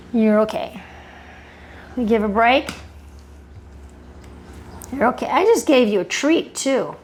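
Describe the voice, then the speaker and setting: Female groomer, gravelly fry, a bit high, chatty tutorial voice, coaxing then firm with a dog. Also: a little hiss or hum. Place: grooming table indoors.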